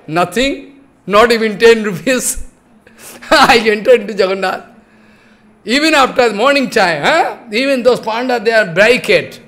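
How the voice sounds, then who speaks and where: A man giving a devotional discourse in broken English, animated and full of rhetorical questions. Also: high voice. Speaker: preacher. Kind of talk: Harikatha discourse.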